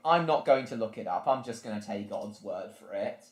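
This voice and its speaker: Brief: mid-pitched guy hosting a casual stream, chatty and loose, echoey room sound. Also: lively intonation, normal speed. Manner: rambling, chatty, reacts to viewer comments. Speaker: live stream host. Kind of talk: casual live-stream chat.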